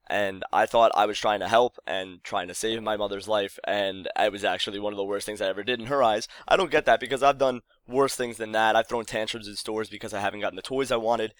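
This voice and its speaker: Rambling young man, lowish voice. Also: fast, dry recording. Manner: rambling and self-correcting. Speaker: vlogger. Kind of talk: casual storytelling to camera.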